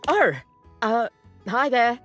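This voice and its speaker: A chipper Australian barista. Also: female voice, on the high side, lively intonation, slow, fairly bright tone. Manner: bubbly, upbeat customer-service patter. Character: cheerful awkward young woman barista, a coffee machine. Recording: game audio with background music.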